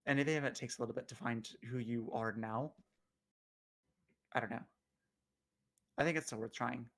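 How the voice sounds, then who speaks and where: A man playing his character in a tabletop game, talking in an earnest, reflective way with gentle hesitations. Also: mid-range voice, moderate pace. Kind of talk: in-character roleplay.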